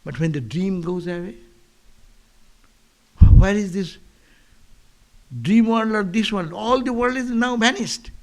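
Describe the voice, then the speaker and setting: A man's voice: high-pitched, unhurried, long pauses, darkish tone. A man, a monk, giving a philosophical sermon at a monastery, repeating words like a chant and questioning his audience. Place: monastery lecture.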